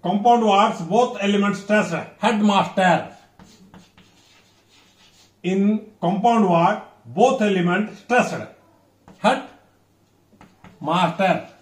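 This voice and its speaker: A high-voiced man with an Odia accent teaches a lesson, spacing his words out and saying each example twice. He sounds some distance from the mic, in a room that echoes. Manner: slow, deliberate, repeats words. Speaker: English teacher. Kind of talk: classroom lesson.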